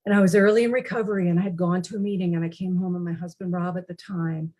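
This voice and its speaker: A woman's voice: lowish voice, steady tone, fast, dark tone, poor audio. A middle-aged woman speaking as a recovery speaker, telling personal stories in an earnest, candid way. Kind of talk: personal storytelling talk.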